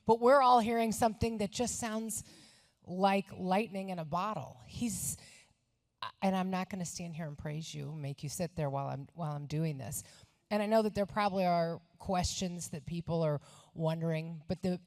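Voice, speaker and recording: Halting, heartfelt woman giving a tribute. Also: lowish voice, darkish tone. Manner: halting, emotional and affectionate, with restarts. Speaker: speaker introducing the honoree. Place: resort event room.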